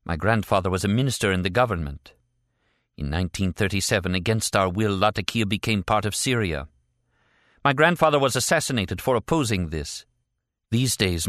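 A man's voice: lowish voice, fairly bright tone, dry recording, studio quality. A man voicing a proud, fierce young woman agent who speaks solemnly and bitterly.

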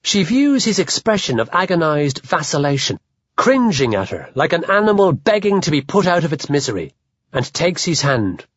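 A man narrating an audiobook in a wry, expressive way. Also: a little high, normal speed, breathy edge, dry recording, highs cut off.

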